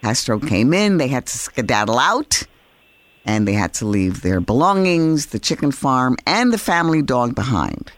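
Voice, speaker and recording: An older woman from New York City, a guest in an interview, speaking in a reflective way with hesitant pauses. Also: very deep voice, very animated, dry recording. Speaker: author and TV actress, guest. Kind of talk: interview conversation.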